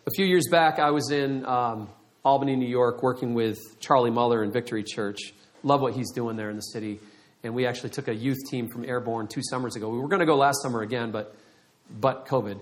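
A middle-aged man preaching a sermon, telling a story with lively acted-out quotes. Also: medium pitch, brisk. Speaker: pastor.

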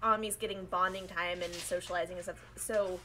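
A podcast co-host, a woman with a low-ish, steady, sharp voice, animatedly and casually recaps an episode, dropping into quick character voices. The audio quality is poor.

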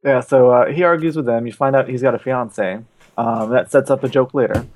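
A man co-hosting a podcast, loosely retelling a video game's story in casual, profane chat and slipping into quick voices for the characters. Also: mid-range voice, a little mellow. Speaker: podcast co-host.

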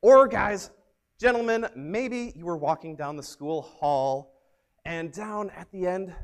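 A young man preaches to a church as its youth pastor. He is upbeat and energetic and tells vivid stories in a fairly high voice. His pitch swings widely as he talks. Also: slow pace. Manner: upbeat, energetic, animated storyteller. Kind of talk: youth sermon with storytelling.

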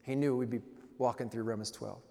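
A man's voice: mid-range voice, fairly even intonation, brisk, gravelly, mellow, in a large hall. A man pastor preaching a conversational sermon, telling stories in a playful way.

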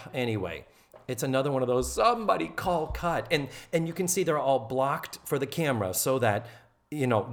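A chatty male podcast host recapping a TV episode with plenty of expression. His pitch sits mid-range but moves a lot. He keeps the talk casual and animated.

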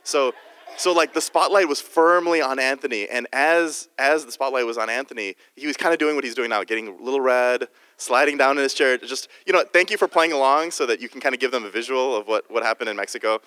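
Man, guest preacher, casual joking sermon, dry close sound, mid pitch. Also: fast talker, pushed and bright, clean tone, no echo, long reverb tail. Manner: jokey and conversational, with many restarts.

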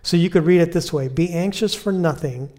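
A man preaching a conversational sermon, repeating key phrases and slowing down to quote Scripture softly. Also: fairly high pitch. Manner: slows and softens when quoting Scripture.

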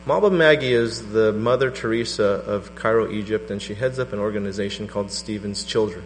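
A middle-aged man preaching a sermon to a congregation, telling a personal story with animated energy. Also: fairly quick. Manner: animated storytelling, voice rising to a high pitch in quoted prayers. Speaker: pastor. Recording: reverberant hall with mains hum.

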